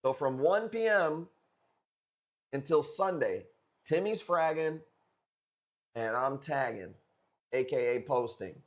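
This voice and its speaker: Young guy, live auction host, rambling jokey banter, mid-pitched voice. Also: lively intonation, takes it slowly, long pauses. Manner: joking, rambling, crude banter with chat. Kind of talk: casual live auction chat.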